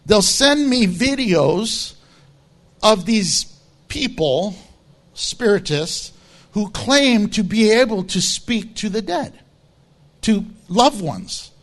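A man preaching as pastor, blunt and emphatic, with low, quiet asides in a conversational sermon. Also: animated, slow.

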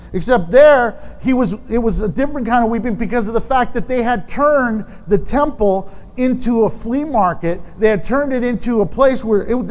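A man with a high-pitched voice preaches a sermon, talking frankly and conversationally, dropping candid asides to his congregation. His voice carries a long reverb, as if it fills a large hall. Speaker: pastor.

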